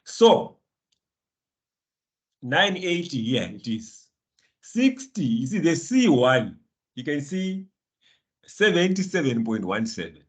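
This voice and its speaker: A man's voice: a little high, sing-song, slow pace, pauses often, husky. A man teaching a live online finance class, encouraging students by name and laughing often. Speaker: lecturer.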